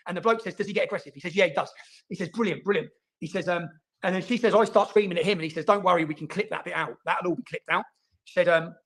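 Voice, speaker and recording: A man telling his own story, fast and emphatic, often repeating words and asking "yeah?". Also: sits high. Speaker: interviewee in played clip. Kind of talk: animated personal storytelling.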